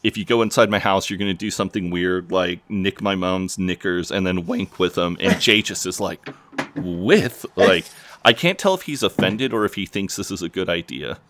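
A man's voice: low voice, normal speed, fairly bright tone, slight background noise. A man co-hosting a podcast, chatting loosely and swearing freely as he recaps a TV episode with lots of fillers. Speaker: podcast co-host. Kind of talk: casual chat recapping a TV episode.

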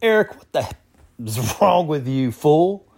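A man's voice: medium pitch, lively intonation, unhurried, vocal fry, darkish tone. A man voicing his friend, a former Jamaican soldier, who teasingly scolds him. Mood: incredulous.

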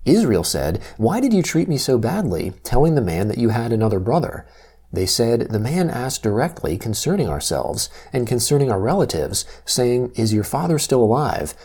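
A man giving a steady, expressive scripture reading. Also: mid-range voice, moderate pace, breathy edge. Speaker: scripture reader.

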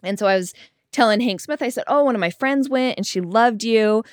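A woman chatting casually and telling a story, acting out quoted dialogue in a higher voice. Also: a little fast, smooth, no echo, clean studio sound.

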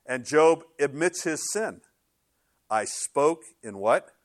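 A middle-aged male pastor preaching a sermon in an animated, conversational way, slipping into sarcastic quoted asides. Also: on the high side, slow, no room sound, studio quality.

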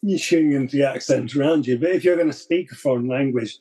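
This man has a mid-pitched voice that sounds dark and mellow, with a husky edge. He guests on a podcast in easy conversation, laying out his views in a reflective, measured way. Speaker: podcast guest and blog writer. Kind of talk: casual conversation.

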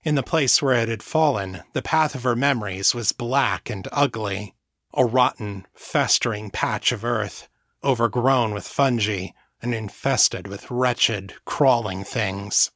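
A man's voice: medium pitch, measured pace, fairly bright tone, no echo. Man reading a story, dry close sound. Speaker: audiobook narrator. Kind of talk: scripted narration.

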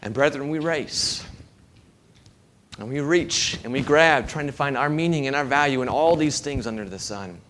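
A man's voice: medium pitch, moderate pace, fairly bright tone. A man preaching a sermon to his congregation, emphatic and repetitive in his delivery. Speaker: pastor.

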